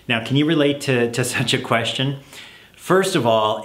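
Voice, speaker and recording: A man coaching parents on letting children solve their own problems, relaxed and laughing often as he acts out parent and child talking. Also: mid-range voice, normal speed, roomy sound. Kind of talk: advice talk to camera.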